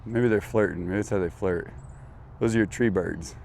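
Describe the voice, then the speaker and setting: A man's voice: lowish voice, moderate pace, gravelly. A man chatting casually outdoors on his rural property, joking and talking to his animals. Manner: relaxed, joking, talks to animals. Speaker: homesteading vlogger.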